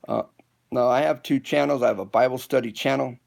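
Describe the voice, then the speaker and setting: A man chatting casually on a phone live stream from an indoor room, halting and rambling with many restarts. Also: medium pitch, fairly even intonation, vocal fry, darkish tone. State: hiccups. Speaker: home improvement vlogger.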